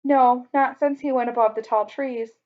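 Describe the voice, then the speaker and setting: A woman reading the part of a caring mother who takes charge in a storybook, speaking briskly and urgently. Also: fairly high pitch, steady tone, close to an everyday voice. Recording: dull lo-fi recording.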